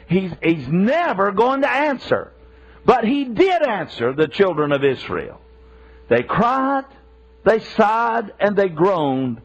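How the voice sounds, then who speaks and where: A man's voice: high-pitched, highs cut off. A man preaching a sermon, emphatic and repetitive, asking rhetorical questions and stumbling into restarts.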